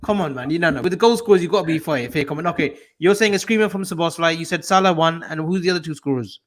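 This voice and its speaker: A man's voice: a little high, fast talker, a bit bright. A man hosting a fan panel, teasing his co-hosts and talking straight to the viewers in casual chat. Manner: teasing, laid-back, addresses the audience. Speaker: panel host.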